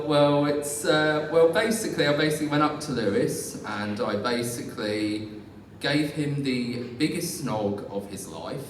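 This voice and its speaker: A young man doing a live stand-up set, rambling and self-deprecating with many fillers and restarts. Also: medium pitch. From England. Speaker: stand-up comedian. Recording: far-off echoey hall recording, faint noise.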